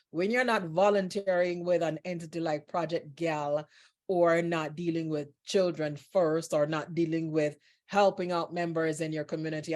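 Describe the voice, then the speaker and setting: A woman's voice: low voice, a little mellow. A woman hosting an interview, speaking earnestly and admiringly and repeating phrases for emphasis. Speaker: host.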